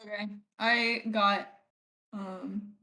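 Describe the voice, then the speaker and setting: A woman's voice: medium pitch, fairly even intonation, drawn-out words, sharp tone. A young woman playing a tabletop game, casual and giggly, with many hesitant ums. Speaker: player.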